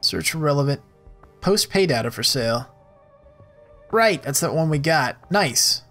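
A man hosts a let's play of a video game, reading the on-screen text aloud and chatting through his choices in a loose, unhurried way. His voice sits a little high for a man. Soft game music plays in the background. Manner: relaxed, thinks aloud with fillers.

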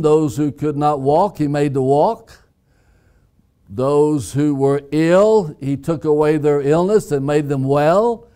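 A man preaching a sermon as pastor, deliberate and emphatic, repeating key phrases. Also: a little high, dark tone. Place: church sanctuary.

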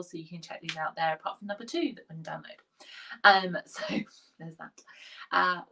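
A woman's voice: lowish voice, creaky, a bit bright, recorded from a distance, rough recording. A British woman in her thirties chatting casually and mocking herself as she tidies a bedroom chest of drawers. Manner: chatty, self-mocking, talks to herself while sorting. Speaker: decluttering vlogger and lifestyle coach. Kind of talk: casual chat while tidying. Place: bedroom at home.

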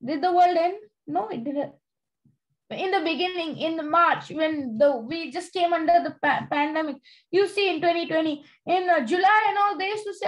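A woman's voice: very high-pitched, low-quality recording. A young girl from India leading a children's Bible study, telling a personal story earnestly with many fillers and "okay?" checks. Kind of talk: sermon-like testimony.

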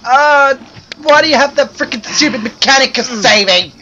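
Exasperated young gamer on a lo-fi mic. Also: male voice, very high voice, moderate pace. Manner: exasperated, exclaiming, pleading with the game. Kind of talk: gameplay commentary. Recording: dull lo-fi mic with loud noise and clicks.

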